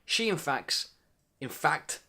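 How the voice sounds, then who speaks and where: A man in his twenties doing a playful comedic vlog monologue, full of mock-dramatic bursts and low asides. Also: very animated, slow pace, creaky, bright, forceful tone. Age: 20s. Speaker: vlogger.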